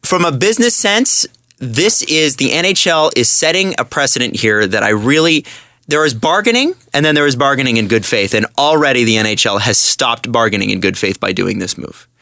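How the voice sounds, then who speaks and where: A man co-hosting a podcast, making animated, argumentative points in casual chat. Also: mid-range voice, fairly quick, dry recording, clean studio sound. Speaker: podcast co-host.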